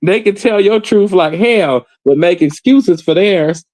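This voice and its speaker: A man's voice: high-pitched, measured pace, a little mellow, dry recording. A man co-hosting a casual gossip stream, blunt and joking, reading viewer comments and talking in street slang. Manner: reads viewer comments aloud. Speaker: podcast co-host.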